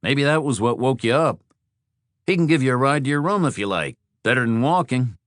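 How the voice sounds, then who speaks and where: A man's voice: mid-range voice, lively intonation, a little fast, fairly bright tone, no room sound, clean studio sound, pitched above the performer's own voice, close to an everyday voice. A man voicing a hospitable male motel owner who talks in an obliging, chatty way.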